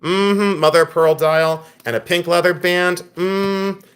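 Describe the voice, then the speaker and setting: A man's voice: sits high, flat delivery, measured pace, fairly bright tone, smooth. A man hosting a live online jewelry sale, telling a story and pricing items in a chatty way, laughing at himself. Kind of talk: casual live-stream selling chat.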